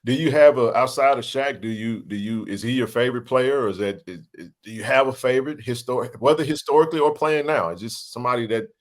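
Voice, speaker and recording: A man's voice: medium pitch, quick pace, few pauses. A man hosting a casual sports interview, asking long, winding questions. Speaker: podcast host.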